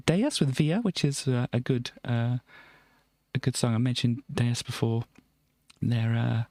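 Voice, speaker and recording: Her voice is a rumbling low with a darkish tone, captured cleanly in a studio with no room sound. As a livestream host, she reads old music charts in a relaxed, meandering way, laughing a little and correcting herself amid plenty of ums.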